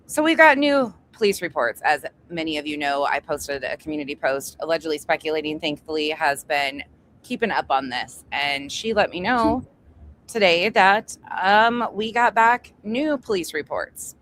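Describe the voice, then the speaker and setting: A woman's voice: sits low, lively intonation, moderate pace, fairly bright tone, poor audio. A woman hosting a casual livestream, chatty and greeting viewers one by one, swearing freely as she talks. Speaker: livestream host. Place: indoors at home. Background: construction noise from upstairs.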